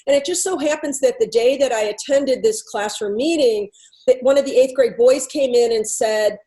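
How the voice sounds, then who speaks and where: A workplace culture consultant with a high, light, mellow voice tells a business audience a story from her consulting work at a normal speed. She speaks conversationally, acts out both sides of the dialogue, and asks question after question in a Socratic way. The audio is poor.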